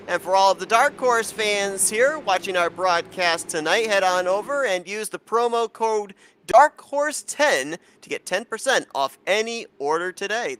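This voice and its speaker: A man from New York calls the race play-by-play and reads sponsor spots in a brisk, clear announcing manner. His voice is high and bright. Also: slight background noise. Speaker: play-by-play commentator. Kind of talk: play-by-play commentary and read ads.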